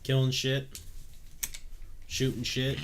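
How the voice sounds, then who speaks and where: A man's voice: mid-range voice, little pitch movement, takes it slowly, creaky, slight background noise. A man co-hosting a casual podcast, joking around, laughing and swearing freely. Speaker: podcast co-host. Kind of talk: casual chat.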